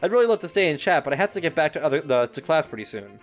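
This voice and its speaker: Man playing cheerful schoolgirl, bubbly, upbeat, high and lively. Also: rapid-fire, soft background music. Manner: upbeat and excitable. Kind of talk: game dialogue read aloud.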